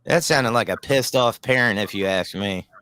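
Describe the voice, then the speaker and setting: A man's voice: on the low side, normal speed, pushed and bright, clear, resonant tone, no room sound. Impassioned man hosting a talk show. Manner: impassioned, addresses listeners as guys.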